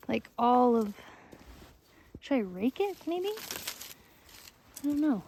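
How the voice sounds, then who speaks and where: A woman's voice: on the high side, animated, slow pace, pauses often, mellow, slight background noise. A woman vlogging outdoors in a wooded yard, chatting casually and thinking aloud, unsure of her plans. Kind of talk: casual vlog walkthrough.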